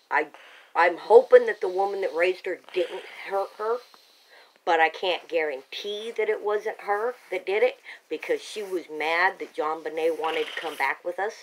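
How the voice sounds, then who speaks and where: A woman's voice: lowish voice, slight background noise, rough recording. A woman telling her own story in an agitated, insistent way, full of restarts, into a home camera held by a family member. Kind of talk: rambling monologue to a home camera.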